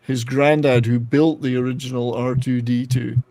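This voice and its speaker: A man's voice: medium pitch, steady tone, moderate pace, mellow, no room sound. A man in his sixties hosting a casual chat, laughing and chatty. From Britain. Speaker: host.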